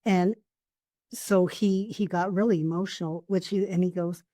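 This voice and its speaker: Woman coach, low mellow voice, dry close mic, earnest storyteller. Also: fairly even intonation, moderate pace, no echo. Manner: earnest storytelling, warm anecdotes. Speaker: coach and therapist. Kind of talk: casual podcast chat.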